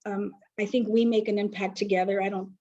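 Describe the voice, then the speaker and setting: Being interviewed about her work, a middle-aged foster agency founder and social worker shares stories with lively energy, imitating those she quotes. She talks fairly quickly at a medium pitch, and the audio is muffled.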